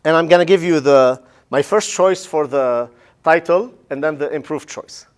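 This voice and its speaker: A male professor giving a casual, animated lecture on public speaking. He often asks "right?" and acts out the listeners' reactions. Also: fairly high pitch, moderate pace. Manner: casual, says "man" and "right?".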